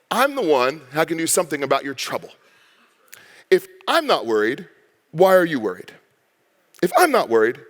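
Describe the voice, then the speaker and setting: Animated pastor in a reverberant church. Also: male voice, high-pitched. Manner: animated storytelling with acted-out quotes and laughs. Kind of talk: sermon. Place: church sanctuary.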